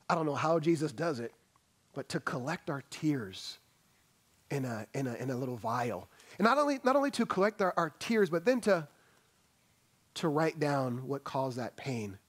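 Guy preaching in church, voice a bit on the high side, gets loud then goes real soft, talks to the crowd like family. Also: measured pace, pauses often. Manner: animated preaching, swings between loud emphatic bursts and soft hushed lines; addresses congregation as family, asks questions. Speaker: pastor. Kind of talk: sermon. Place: church sanctuary.

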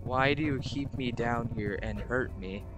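Guy doing a sullen possessed kid, low slow voice, game dialogue. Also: loud music behind the voice, lightly acted. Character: possessed boy, sullen and hurt.

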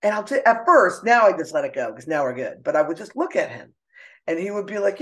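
A middle-aged woman speaking as a podcast guest, expressive and emotional, laughing often as she talks. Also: fairly low pitch, fast. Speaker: podcast guest, artist and author. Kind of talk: casual conversational interview. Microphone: own microphone.

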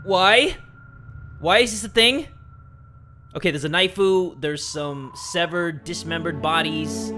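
A young man hosting a game video with loud, jokey, animated commentary. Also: on the high side, a little slow. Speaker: gaming video host. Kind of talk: energetic let's-play commentary. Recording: music playing behind.

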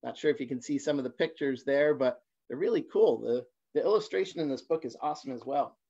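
Halting man reading a picture book aloud. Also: mid-range voice, mellow. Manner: halting, with fillers and stammered restarts. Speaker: guest reader. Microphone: phone or laptop for a livestream. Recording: dull lo-fi livestream audio.

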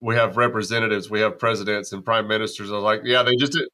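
A man's voice: fairly low pitch, fairly even intonation, fast talker, sharp tone. A man hosting a podcast, enthusiastic and friendly as he interviews a guest. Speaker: podcast host.

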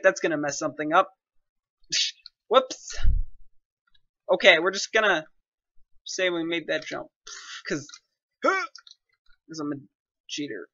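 A young man with a high, sharply bright voice complains and jokes his way through a game, excitable and quick to mock himself. The recording is dry and close. Its sound is dull and lo-fi. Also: no room sound. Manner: excitable, complaining, self-mocking. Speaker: gaming commentator. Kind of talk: casual gameplay commentary.

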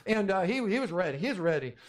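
A man's voice: high-pitched, very animated, fast. A man preaching a sermon as pastor, emphatic and repetitive, often calling out amen. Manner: emphatic, repetitive, calls for amens.

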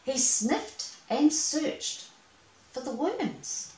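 A woman reading a children's storybook aloud, gentle and expressive with playful asides. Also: sits high, drawn-out words, recorded from a distance. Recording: echoey room, away from mic.

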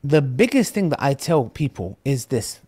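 A man, a podcast guest who tells lively stories and acts out the voices in them. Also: medium pitch, moderate pace, breathy edge. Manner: animated storyteller, acts out quotes.

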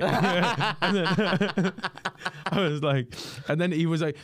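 A young man, a podcast guest telling a story in casual chat, animated and often laughing. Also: a little high, takes it slowly, no echo.

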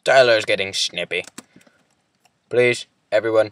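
A man hosting a relaxed gaming session, speaking in a put-on accent and teasing his friend throughout. His voice sits fairly low, and he takes his time with each phrase. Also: measured pace, clear, resonant tone. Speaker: host. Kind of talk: casual gaming chat.

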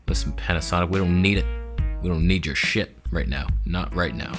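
A man's voice: low-pitched, normal speed, faint music behind. A man vlogging a sarcastic, exasperated comedy rant about a camera.

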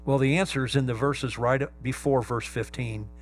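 A male pastor preaching a sermon, stressing key words slowly and emphatically. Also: medium pitch, steady tone, slight background noise.

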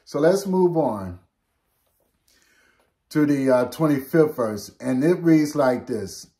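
An older man, a pastor, teaching a Bible lesson in a slow, conversational way, often checking in with "okay?". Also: on the high side, lively intonation, warm tone.

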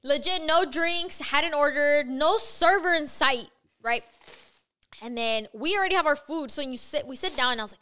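A woman hosting a podcast, telling a story in a fast, profane, animated casual chat. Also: sits high. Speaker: podcast host.

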